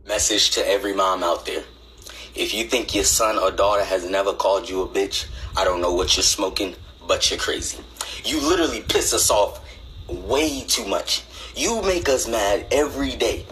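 A young man doing comedic skit monologues, swinging between high exasperated rants and low deadpan asides. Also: slight background noise, rough recording. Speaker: comedy sketch creator.

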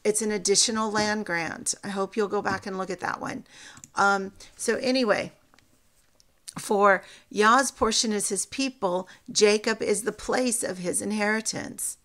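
A woman teaching from scripture, reading verses slowly and deliberately and becoming emotional at times. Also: mid-range voice, steady tone, fairly bright tone. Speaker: Bible teacher.

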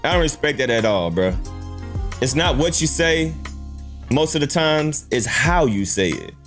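Brief: casual reaction host, man, lively swooping delivery, incredulous and slangy. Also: on the high side, measured pace, faint music behind. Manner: incredulous, repeats "bruh", rhetorical questions.

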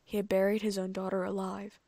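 A woman narrates a fan fiction audiobook in a steady reading voice. Her delivery is flat, with a slightly gravelly edge, and the recording is close and dry. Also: medium pitch, fairly quick, no echo. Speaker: audiobook reader.

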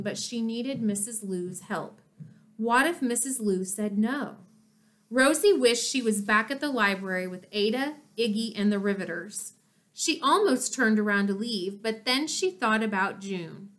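A woman narrating a children's chapter book in an expressive storytelling manner. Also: fairly high pitch. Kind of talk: children's audiobook reading.

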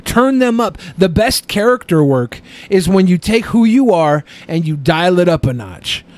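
Reading out listener questions on a podcast he co-hosts, this man answers with profane, joking advice and frequent laughter in loose, crude banter. His voice is high and sing-song, with a measured pace and a darkish tone.

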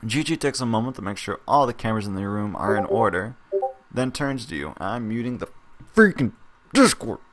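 Lowish man casually reading a story game. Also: animated, a little fast. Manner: reads narration aloud, breaks off to chat and laugh. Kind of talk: casual game read-through.

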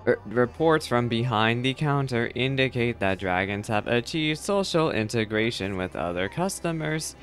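A man's voice: medium pitch, expressive, normal speed, few pauses, fairly bright tone, faint music behind, natural voice. A man voicing a formal, literal-minded robot unit with a clipped, mechanical delivery while reading game dialogue aloud. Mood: formal, robotic.

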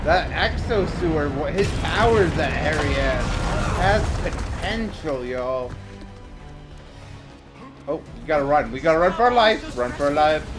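A Canadian man giving jokey, excitable commentary while playing a video game. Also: fairly high pitch, a little slow. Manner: jokey and excitable, breaks into shouts. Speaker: let's play gamer. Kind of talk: gameplay commentary. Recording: voice over loud game music.

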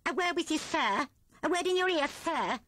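A woman voicing a thin, hungry male rat who whines and pleads in a high voice. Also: animated, moderate pace, fairly bright tone. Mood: whining. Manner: whining, high and squealing.

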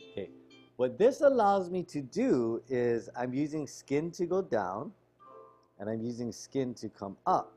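A man teaching a ukulele lesson over a video call, explaining strumming technique in a relaxed way while he demonstrates. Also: medium pitch. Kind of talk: online music lesson. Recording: ukulele playing loud behind voice.

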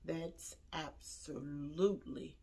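Slow-talking, excitable woman decor vlogger. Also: low voice, vocal fry, low-quality recording. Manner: enthusiastic, addresses viewers directly, exclaims over items. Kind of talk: casual haul show-and-tell.

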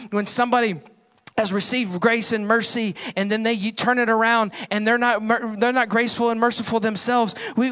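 A young man preaching a sermon as pastor, telling a story with animated voices for the people in it. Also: very high-pitched. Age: young adult. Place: church.

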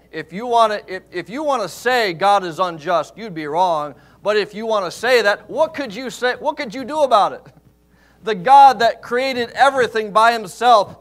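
A man pastor preaching a sermon in a church, emphatic, swinging from loud rises to quiet asides. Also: a little high.

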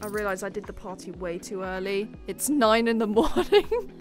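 A woman giving casual gameplay commentary, chatty and excitable, with sudden shrieks of surprise. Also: medium pitch, moderate pace, soft background music. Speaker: game commentator.

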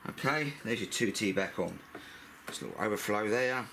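A man's voice: lowish voice, normal speed, vocal fry, noisy background. A middle-aged man with a blunt, chatty manner, talking through a scooter repair in a workshop and swearing freely. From United Kingdom. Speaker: mechanic vlogger. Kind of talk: casual repair tutorial.

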